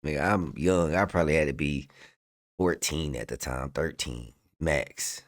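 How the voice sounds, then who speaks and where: A man's voice: rumbling low, measured pace. A young man reacting to a clip with loose, slang-heavy commentary and a personal story, laughing often.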